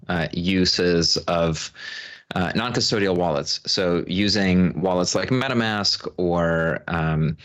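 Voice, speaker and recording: A man with a very deep, low voice answers as a guest speaker over a video call. He talks in a measured, halting way and often restarts his phrases. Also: fairly bright tone. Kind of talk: remote panel interview.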